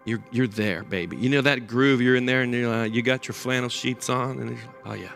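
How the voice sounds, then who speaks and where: An older man preaching a sermon as pastor, an animated storyteller who acts out the voices of people in his stories. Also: mid-range voice, fairly quick, vocal fry, soft background music.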